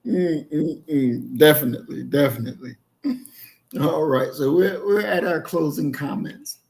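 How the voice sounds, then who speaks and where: A male podcast host with a gravelly, creaky voice who talks slowly. His questions are measured, and he adds frequent short affirmations. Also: on the high side, darkish tone.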